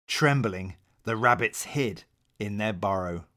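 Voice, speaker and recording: Slow, gentle male bedtime storyteller. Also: medium pitch, expressive. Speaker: storybook narrator. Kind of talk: bedtime storybook read-aloud.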